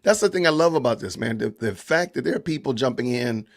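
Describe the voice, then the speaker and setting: A man's voice: mid-range voice, animated, fairly quick, vocal fry. A man with a Southern Georgia accent hosting a casual livestream podcast, chatting loosely with viewers and greeting the chat. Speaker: podcast host.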